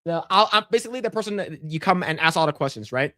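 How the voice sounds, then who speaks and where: A man's voice: a little high, expressive, fast, sharp tone, no room sound. Man streaming, rambling and swearing, stammering restarts, dry close mic. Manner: rambling, profane storytelling with many restarts. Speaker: podcast co-host. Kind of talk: casual livestream chat.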